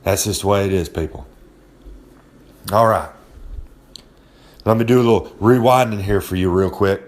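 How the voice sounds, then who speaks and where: Here a man with a fairly low pitch hams up a cocky wrestler blowhard, lightly acted at normal speed. As host of a recurring segment, he rambles comically and talks down to his audience in the brash, boastful persona of a male pro wrestler.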